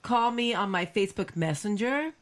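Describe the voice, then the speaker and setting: A woman co-hosting a podcast, quick to react and tease in casual banter. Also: medium pitch, expressive, over a noisy crowd. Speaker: podcast co-host.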